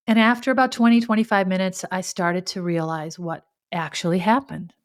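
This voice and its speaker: A woman's voice: mid-range voice, fairly even intonation, fairly quick, hardly any pauses. A woman hosting her own podcast, speaking candidly in a reflective personal monologue, often restarting her sentences as she thinks aloud. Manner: candid, searching, with frequent restarts and self-talk. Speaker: podcast host.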